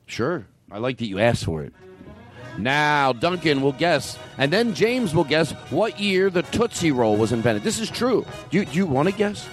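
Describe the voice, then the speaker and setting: A man hosting a comedy podcast, teasing and excitable in casual chat. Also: a little high, moderate pace, faint music behind. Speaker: podcast host.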